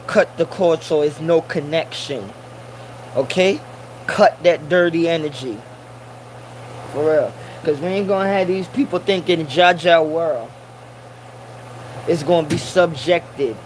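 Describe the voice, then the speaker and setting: Slow, high-voiced preachy man. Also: a little hiss or hum, poor audio. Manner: preachy, repeats points for emphasis; Rasta slang and Caribbean English grammar. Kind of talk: casual monologue.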